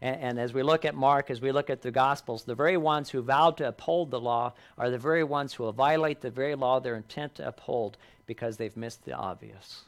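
A man preaching a sermon, earnest, lifting his voice for emphasis and dropping low on key lines. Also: a little fast, hardly any pauses. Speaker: pastor.

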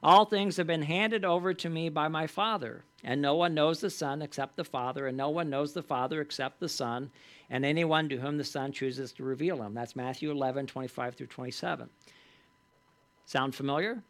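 A man with a somewhat higher voice teaches a Bible class in a relaxed, conversational manner. He often checks in with the group through short tag questions. He leans into the scripture passages he reads aloud. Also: normal speed.

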